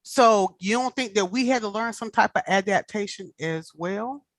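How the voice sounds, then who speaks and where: A woman in casual chat, telling animated stories and acting out the people she quotes. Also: medium pitch, moderate pace, no room sound.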